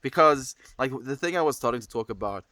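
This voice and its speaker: A man's voice: medium pitch, expressive, fairly quick, sharp tone, dry recording. A young man with a stuffy nose chatting casually on a livestream, rambling and reflective as he greets viewers.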